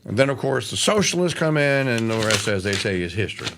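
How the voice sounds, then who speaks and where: A man hosting a political talk radio show, delivering a fiery monologue that swings between low mutters and shouts. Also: sing-song, a little fast, background noise. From Louisiana.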